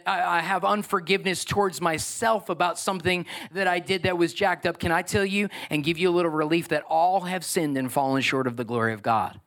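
A man preaching a sermon as pastor, emphatic and animated. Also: on the high side.

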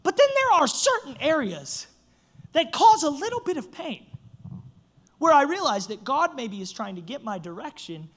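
A man's voice: very high voice, moderate pace. Young guy preaching, jokes on himself, voice jumps all over. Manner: animated, self-mocking storyteller. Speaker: pastor. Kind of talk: sermon with humorous storytelling.

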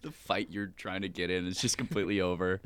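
A man's voice: sits low, fast talker, a bit bright, clear, resonant tone, dry recording. A teenage man co-hosting a podcast, laughing a lot and blurting crude jokes in casual chat. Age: late teens. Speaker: podcast co-host.

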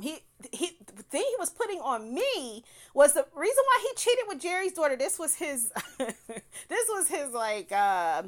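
A young woman with a lilt tells a personal story in a loose, conversational way. Her voice is bright and forceful, and she breaks into laughter and curses freely as she talks. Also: a little high. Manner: candid, laughs often, swears freely.

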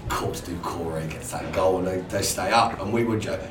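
Male co-host, off-mic in a roomy space, loud crowd noise behind. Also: deep voice, fairly quick, distant mic. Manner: incredulous, swears casually, reads out lineups. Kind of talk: casual chat.

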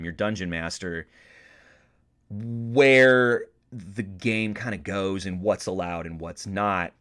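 Young American man, low voice, profane comic podcast host, big swings between excited and mumbled. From United States. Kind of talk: casual comedic monologue.

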